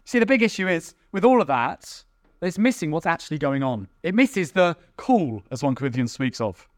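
A man preaching a sermon, animated, sometimes acting out quarrelling churchgoers in mocking voices. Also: a little high, moderate pace, dry recording, studio quality.

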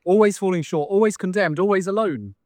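A man's voice: high-pitched, fairly quick, a little mellow, dry recording, studio quality. A male pastor with a Southern American accent preaching an earnest sermon full of rhetorical contrasts.

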